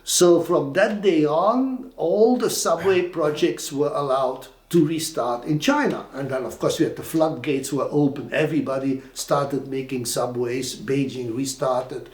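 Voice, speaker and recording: Older Flemish-accented male storyteller, animated and rambling, in a roomy reverberant room. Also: on the high side, a little slow, hardly any pauses. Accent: Flemish Belgian. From Belgium. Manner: animated, with frequent fillers and restarts. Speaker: interviewee. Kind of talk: anecdotal storytelling. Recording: roomy echo.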